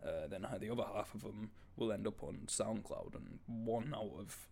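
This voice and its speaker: A man's voice: fairly low pitch, normal speed, creaky, warm tone. A man, a band member chatting casually about gigs, laughing often and swearing as he tells stories. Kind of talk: casual chat.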